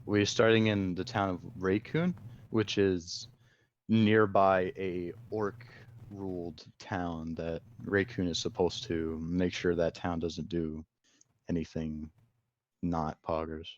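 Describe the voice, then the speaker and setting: A man player in a tabletop game who speaks in a flat monotone. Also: sits low, slow pace. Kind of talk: casual chat. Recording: dull lo-fi mic.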